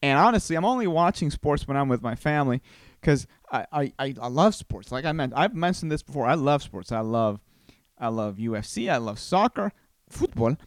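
A man from Costa Rica hosts a casual solo podcast at an ordinary mid pitch. He rambles through stories, restarting and repeating himself as he talks. The sound is dry and close, with no room echo. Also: animated, a little fast. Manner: chatty, rambling storyteller with many restarts. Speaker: podcast host.

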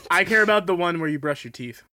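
A man's voice: sits high, lively intonation, fast, sharp tone. A man in his thirties co-hosting a casual podcast, telling jokey stories and laughing often. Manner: laughing, joking storyteller. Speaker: podcast co-host. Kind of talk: casual chat.

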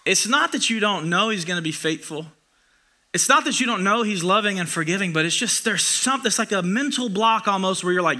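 A young man preaching with a high, very bright voice. He talks to the congregation like a friend, joking at his own expense. He swells loud on key lines, then pulls back soft and intimate. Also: expressive, brisk. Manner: conversational, self-deprecating, swells loud for emphasis then drops soft. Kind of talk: sermon.

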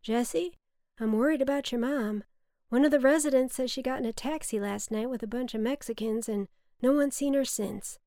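A woman's voice: fairly high pitch, moderate pace, dark tone, no room sound, clean studio sound, natural voice. A woman doing an anxious, earnest man. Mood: worried. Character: worried middle-aged man, a neighbor.

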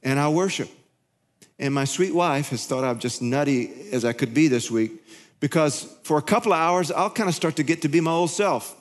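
Man, pastor, conversational sermon, animated, slightly high voice, echoey hall. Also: moderate pace.

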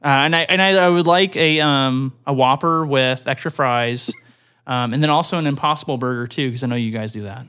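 A man's voice: mid-range voice, fairly quick, bright, forceful tone, smooth, lightly acted. A man playing a pushy male customer ordering over the phone, hesitant yet insistent.

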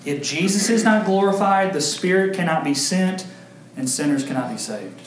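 A young adult male pastor preaches with a fairly high voice, earnest and emphatic. He breaks into animated storytelling and acted quotes with big leaps in pitch. His voice rings in a roomy church, with faint noise behind it. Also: moderate pace. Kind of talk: sermon. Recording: echoey room with faint ambient noise.

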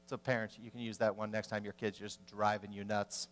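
A man preaching a sermon as a pastor, telling the story with animation and swinging from loud to hushed. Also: a little high, expressive, moderate pace.

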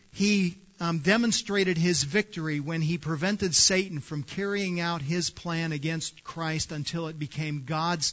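A man preaching a sermon, rising to loud emphatic stretches and repeating words for weight. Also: fairly high pitch, highs cut off. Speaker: pastor.

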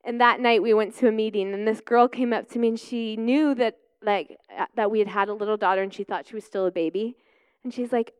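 A woman's voice: on the high side, fairly even intonation, a little fast, a little mellow, clear, resonant tone, no echo. A woman in her thirties, a Christian speaker and mother, giving a candid, rambling personal faith testimony full of "like" and "you know.".

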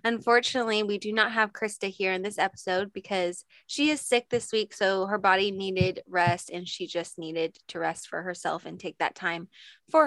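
A woman hosts a podcast in a relaxed, bubbly way, laughing easily as she talks. Her pitch sits in a middle range. The recording is dry and close. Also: no echo. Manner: bubbly, chatty, laughs often. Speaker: podcast host. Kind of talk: casual chat.

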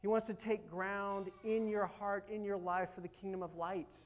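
A man preaching a sermon as pastor, animated, swinging from loud urging to soft, quiet asides. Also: high voice, moderate pace.

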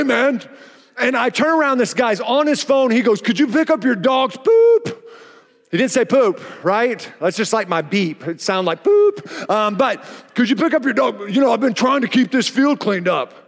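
Animated preaching man in a big hall. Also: high voice. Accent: Oklahoma. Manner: animated storytelling, acts out exchanges. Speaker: pastor. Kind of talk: sermon. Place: church auditorium.

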